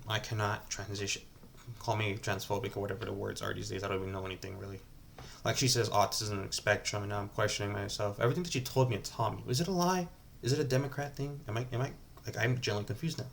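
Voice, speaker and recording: A man's voice: on the low side, creaky, a little hiss or hum. A man talking casually to camera at home in a rambling, hesitant confessional, restarting sentences often. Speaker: vlogger.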